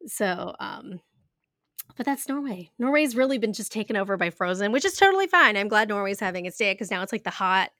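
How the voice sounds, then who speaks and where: A woman's voice: medium pitch, a little fast, fairly bright tone, dry recording, clean studio sound. A woman in her thirties chatting casually as a podcast co-host, giggly and full of fillers. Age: 30s. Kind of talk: casual chat.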